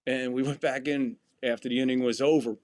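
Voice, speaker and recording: Speaking fairly quickly in a mid-range voice, a podcast host chats through stories on a dry recording. He's profane and animated, acting out what people said.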